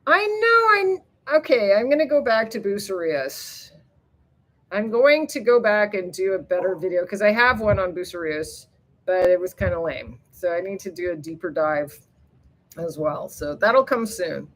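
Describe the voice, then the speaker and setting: A woman talks loosely and at length to her live viewers, drifting from topic to topic with frequent laughs. She swears in passing and jumps up in excitement whenever she greets someone by name. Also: mid-range voice, normal speed, rough recording. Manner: chatty and rambling, laughs often, swears casually. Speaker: livestream host reading viewer chat. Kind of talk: casual rambling live chat.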